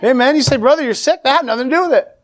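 A man's voice: very high voice, very fast. A man preaching a fervent sermon to a congregation, calling out amen and praise the Lord.

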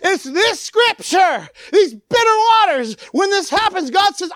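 A preacher giving an animated sermon, acting out the people in the story and swinging between loud and quiet. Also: extremely high pitch, unhurried, hardly any pauses. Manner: animated, acts out the people it quotes.

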